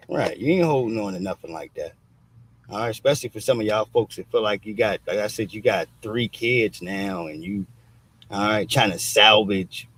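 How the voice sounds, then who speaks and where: A man's voice: lowish voice, fairly bright tone. A man hosting a livestream, giving blunt, casual commentary full of street slang and swearing, and he keeps saying "all right". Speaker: show host. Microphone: streaming mic.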